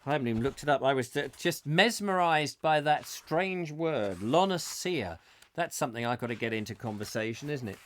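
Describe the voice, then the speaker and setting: A man's voice: medium pitch, expressive, moderate pace, a bit bright. A middle-aged man hosting a live comic chat show, reading out viewer comments with playful, rambling jokey asides.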